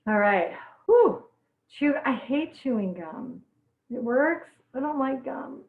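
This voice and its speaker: Her eyes watering from onions, a young woman chats and laughs through a live online cooking class, throwing in frequent exclamations. Her voice is a little high and expressive, unhurried, with vocal fry. The recording comes across echoey, distant and phone-like.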